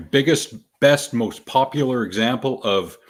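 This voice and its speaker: A man co-hosting a casual podcast, reading out superstitions with deadpan, sarcastic asides. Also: medium pitch, unhurried. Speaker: podcast co-host.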